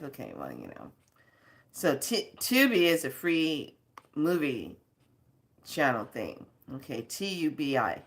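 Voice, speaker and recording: A woman's voice: sits low, a bit bright. A woman hosting a spiritual video channel, scolding her viewers in casual talk, rambling off on tangents and laughing between stories.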